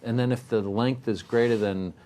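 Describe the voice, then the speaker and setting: A middle-aged man teaching a technical course live, animated and joking, sometimes acting out little voices. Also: mid-range voice, normal speed. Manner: animated, jokey, acts out voices. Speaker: instructor. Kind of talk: live technical demo with banter.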